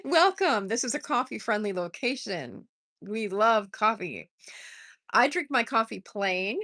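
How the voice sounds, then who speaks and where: An older woman hosting a casual livestream, chatting warmly and reading out viewer comments between laughs. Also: mid-range voice, expressive, unhurried, dry recording, clean studio sound. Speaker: livestream host. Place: home, on a porch.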